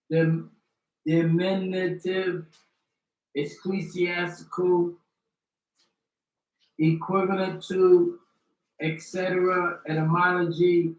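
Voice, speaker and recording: A man reading a long list of dictionary terms one by one, slow and deliberate. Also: sits high, fairly bright tone. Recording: roomy sound from a distance.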